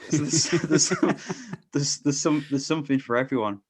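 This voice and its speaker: A man's voice: on the high side, normal speed, husky. Rambling man hosting a podcast. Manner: rambling, restarting often, laughing. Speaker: podcast host. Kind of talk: casual chat.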